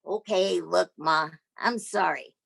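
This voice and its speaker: A woman voicing a gruff gang leader scolding. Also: high-pitched, slow pace, fairly bright tone, voice pushed down, heavily acted. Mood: placating. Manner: harsh, bossy scolding.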